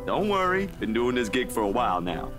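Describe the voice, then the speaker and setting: Male performer as a hulking, good-natured photographer; relaxed, folksy, lively delivery over music. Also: mid-range voice, fairly quick, pitched below the performer's own voice, close to an everyday voice. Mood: friendly. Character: big friendly easygoing male photographer.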